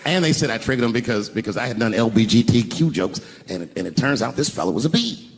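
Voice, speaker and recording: A middle-aged man telling a stand-up story, swinging between hushed asides and loud outbursts. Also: mid-range voice, animated, quick pace, vocal fry, noisy background. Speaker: stand-up comedian. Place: large theater stage. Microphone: stage microphone. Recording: reverberant live theater recording.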